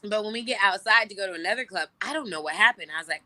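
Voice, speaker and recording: A woman in her thirties, a guest telling stories in a casual, profane way and acting out quoted lines in loud, high voices. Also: racing, no room sound. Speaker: celebrity guest. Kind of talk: casual storytelling chat.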